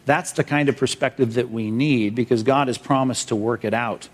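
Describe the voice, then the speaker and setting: A man's voice: medium pitch, steady tone, moderate pace. A middle-aged man preaching a sermon as pastor, emphatic, with rhetorical questions and numbered points to jot down.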